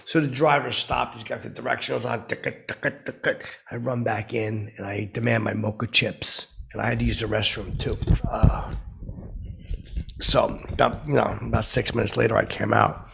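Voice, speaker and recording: A man playing a gravelly, rambling oddball storyteller. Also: fairly low pitch, level tone, normal speed, fairly bright tone, slight background noise. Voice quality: gravelly, husky voice. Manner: meandering, awkward storytelling with nervous asides. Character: rambling, starstruck oddball man telling celebrity stories. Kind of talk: comedic character podcast monologue.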